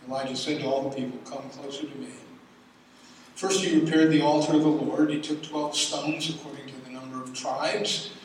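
A man preaching a sermon, reading scripture dramatically and building to loud exclamations. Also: a little high, a little hiss or hum. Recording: echoey hall from far off.

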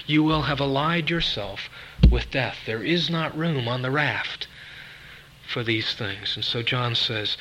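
A man's voice: mid-range voice, a little slow, fairly bright tone, slight background noise, low-quality recording. A man preaching a sermon, earnest and rising to emphatic peaks on key phrases.

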